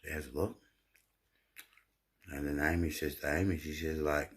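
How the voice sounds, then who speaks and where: A man's voice: a bass voice, level tone, moderate pace, pauses often, husky. A man, rambling and telling jokes in a laid-back way, often repeating his words. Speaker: vlogger. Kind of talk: rambling casual storytelling.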